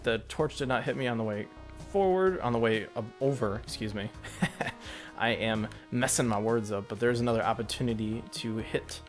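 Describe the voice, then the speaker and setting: A man talks through his own gameplay in a loose, chatty way, his voice sitting at an ordinary middle pitch. He gets excited at near misses and explains items as he goes. Game music plays faintly underneath. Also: moderate pace. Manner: chatty, excitable, thinks aloud about each move. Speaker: gameplay commentator. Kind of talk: let's play commentary.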